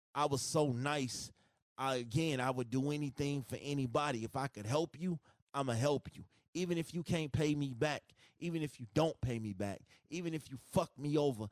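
A man's voice: medium pitch, no echo, studio quality. A man hosting a solo podcast, ranting in a profane, emphatic, repetitive way with speech. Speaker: podcast host.

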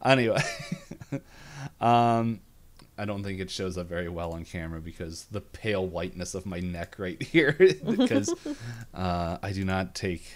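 A man co-hosts a relaxed episode recap, his voice sitting on the low side. He rambles, trips over his words and breaks into giggles often. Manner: rambling and giggly, quick bursts of acted quotes. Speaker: podcast co-host. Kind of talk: casual recap chat.

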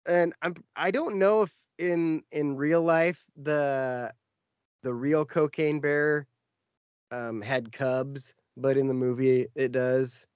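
In a smooth, mid-range voice with fairly even intonation, a man co-hosting a podcast slowly spins out a long story, rambling and leaning heavily on fillers. The sound is muffled, with no room sound.

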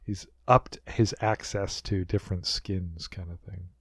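Chatty man, low voice, dry mic. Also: unhurried, breathy edge, no echo. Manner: chatty, rambling, animated retellings. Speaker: podcast co-host. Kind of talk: casual recap chat.

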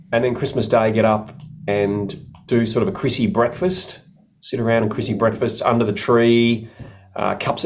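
Low-voiced middle-aged man, rambling. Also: darkish tone, slight background noise. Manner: rambling, self-correcting storyteller. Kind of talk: casual chat.

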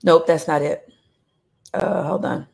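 A woman preaching a sermon, reading scripture aloud with animated, conversational asides to her listeners. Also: low voice, slow pace, vocal fry, slightly rough.

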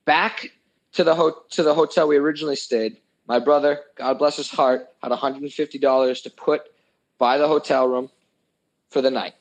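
A man's voice: mid-range voice, steady tone, normal speed, low-quality recording. A young man telling a story in casual chat, ranting heatedly and swearing a lot.

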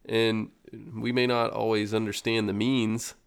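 Low gravelly guy on a podcast, kinda hesitant, lots of ums while he thinks. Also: level tone, measured pace. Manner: reflective, hesitant with ums and uhs. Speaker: podcast co-host. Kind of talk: casual book discussion.

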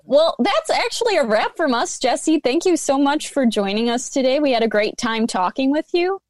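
A woman co-hosting a podcast, lively and laughing easily. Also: high voice, moderate pace, no room sound. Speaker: podcast co-host. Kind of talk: casual interview chat.

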